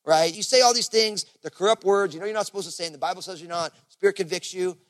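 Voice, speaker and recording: A man's voice: high-pitched, fast talker, a bit bright. A man preaching a sermon as pastor in a casual, conversational way, full of fillers like "you know". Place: church service.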